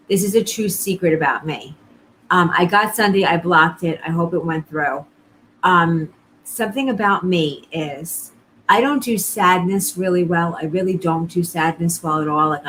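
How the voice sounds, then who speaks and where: A woman's voice: lowish voice, moderate pace, fairly bright tone, a little hiss or hum, rough recording. A woman psychic medium doing a live-streamed reading, talking to viewers in an earnest, reassuring way and often repeating herself.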